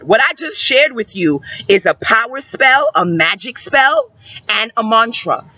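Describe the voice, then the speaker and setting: A woman gives emphatic, repetitive spiritual advice to young viewers in a preacherly metaphysical talk. Her mid-range voice sounds pushed and bright, in a dull lo-fi recording.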